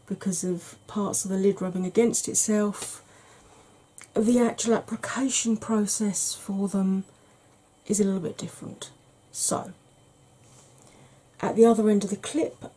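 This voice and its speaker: A woman hosting a soft-spoken ASMR makeup tutorial, chatty and explanatory, sometimes dropping into a whisper. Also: medium pitch, a little hiss or hum, poor audio.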